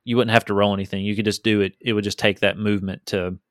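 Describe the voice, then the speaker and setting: A man's voice: fairly low pitch, flat delivery, fast talker, fairly bright tone, no room sound, clean studio sound. A man running a tabletop game as game master, talking casually with many restarts and fillers. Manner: casual, hesitant, repeats words.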